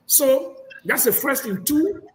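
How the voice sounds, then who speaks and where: A man's voice: very high-pitched, expressive, takes it slowly, a little mellow, slight background noise, poor audio. A man arguing defensively and insistently on a heated live panel show, repeating himself to make his point. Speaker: panel guest.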